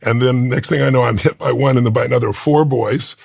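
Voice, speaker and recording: Gravelly, husky man telling a heartfelt story. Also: medium pitch, fairly even intonation, a little mellow, no echo, studio quality. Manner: earnest, halting, with frequent fillers and restarts. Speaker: podcast guest. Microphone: studio podcast mic.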